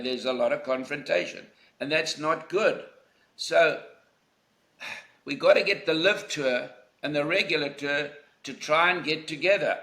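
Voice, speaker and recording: An older South African man, a golf legend, is being interviewed and shares anecdotes in a reflective, emphatic manner during a conversational exchange. His voice is fairly high and sharp, with a reverberant sound.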